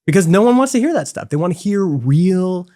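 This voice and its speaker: A software co-founder in his forties speaks fairly quickly in a high-sitting voice during a casual interview. Open and candid, he tells loose, lively stories, reaching for "like" again and again.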